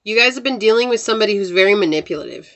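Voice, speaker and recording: A woman's voice: medium pitch, animated, racing, a bit bright. A woman giving a casual tarot reading to her viewers, chatty and talking straight to them as guys and y'all. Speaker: tarot reader.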